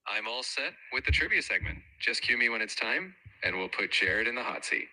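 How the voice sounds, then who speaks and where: A man's voice: medium pitch, animated, fairly quick, pushed and bright, poor audio. A synthetic male assistant voice acting as co-host, upbeat, eager and agreeable in its replies. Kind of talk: scripted-sounding assistant replies.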